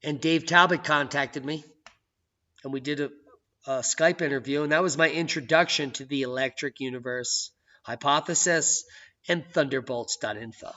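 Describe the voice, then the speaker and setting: A man hosting his own video channel, talking in an excitable, jokey way that swings from loud outbursts to hushed asides. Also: a little high, moderate pace. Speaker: channel host. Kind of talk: casual video commentary. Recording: dull lo-fi sound.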